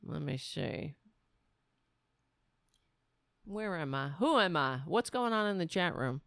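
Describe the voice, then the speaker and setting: A woman's voice: on the low side, lively intonation, moderate pace, a bit bright, clear, resonant tone, dry recording, clean studio sound. A middle-aged woman hosting a casual livestream, rambling and self-mocking as she chats to viewers and her cat. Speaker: livestream host.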